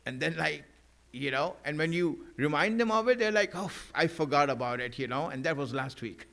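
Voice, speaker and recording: A man's voice: a little high, lively intonation, normal speed, creaky, pushed and bright. Man preaching a conversational sermon. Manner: conversational, frequent "you know" fillers; emphatic repetition of key lines.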